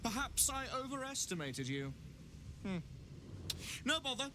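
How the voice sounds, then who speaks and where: A man's voice: very high-pitched, very animated, measured pace, heavily acted. An actor playing a scheming, arrogant male wizard who speaks in a silky, theatrical, condescending way. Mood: menacing. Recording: game audio with noise.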